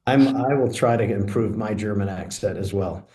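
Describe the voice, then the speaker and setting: A man presenting a pronunciation course and demonstrating software, explaining steadily and saying phrases aloud. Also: lowish voice, moderate pace, noisy background. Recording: echoey room.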